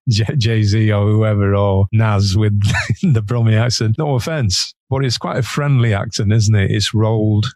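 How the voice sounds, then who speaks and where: Low-voiced man, animated raconteur, laughs a lot, dry close sound. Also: a little slow, no room sound. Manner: animated storyteller, laughs often, acts out quoted voices. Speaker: guest guitarist. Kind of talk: casual storytelling interview.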